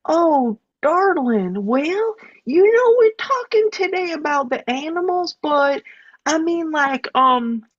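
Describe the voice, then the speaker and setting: A high-voiced, syrupy host with a Southern accent, as a woman acts her out, gushing and calling every guest darling. She talks about herself in the third person and hams it up for an improvised comedy sketch. The sound is dry and a little muffled, like a video call. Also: expressive, takes it slowly, dry recording. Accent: American Southern. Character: gushing Southern pet-and-beauty advice host.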